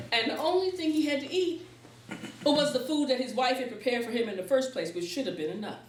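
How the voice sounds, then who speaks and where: A woman's voice: high-pitched, moderate pace, pauses often, slight background noise. Lady telling folktales at the library, playful, mic kinda far, echoey room. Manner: playful and expressive, laughs through the telling. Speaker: storyteller and educator. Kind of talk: folktale storytelling to a live audience. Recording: roomy, distant mic, faint background.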